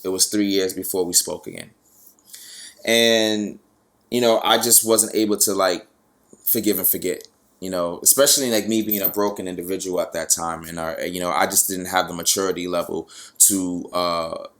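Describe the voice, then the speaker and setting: A young man with a lowish voice recounts a personal story on his podcast. His talk is casual and frank, full of fillers and the odd curse. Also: fairly bright tone. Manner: casual, frank, heavy on fillers and mild swearing. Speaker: podcast host.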